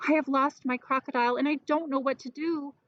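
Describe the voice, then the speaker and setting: A frantic, flustered lady, put on by a woman reading a storybook aloud, pleading in a high, hurried voice. The reading has a dull, dry, close sound. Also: fairly even intonation, no room sound, natural voice. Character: flustered anxious middle-aged woman searching.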